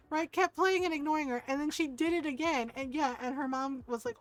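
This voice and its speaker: High-voiced grandmotherly woman storyteller. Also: fast, dry recording. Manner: animated storytelling, laughs often. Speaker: streamer. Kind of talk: casual chat while playing a game.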